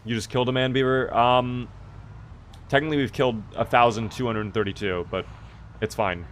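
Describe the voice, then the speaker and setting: A young man chats his way through a live game stream, trading jokes with his chat and swearing when things go wrong. His voice sits at an ordinary pitch for a man. Steady noise and clicking run under the stream audio. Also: normal speed. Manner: casual, joking, swears, answers chat aloud. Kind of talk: live gameplay commentary.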